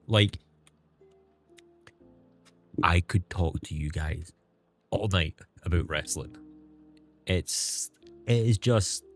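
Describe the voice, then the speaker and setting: Man, low-pitched, live-stream chat, sarcastic, swearing, faint background music.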